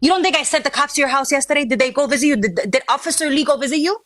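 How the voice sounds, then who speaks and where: A woman's voice: sits high, racing, a bit bright. A woman in a heated live argument, confrontational and taunting with constant swearing. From Georgia, US. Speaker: live stream participant.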